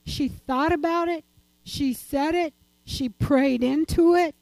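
A woman's voice: high-pitched, slow, gravelly, a little mellow, no room sound, rough recording. An older woman giving a chatty, rambling church talk and personal testimony, laughing often as she goes.

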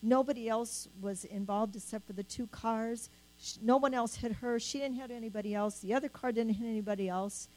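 A woman's voice: on the high side, fairly quick, darkish tone, rough recording. An older woman, giving a spoken testimony at church and earnestly telling her story. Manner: earnest storytelling, acts out the voices she quotes.

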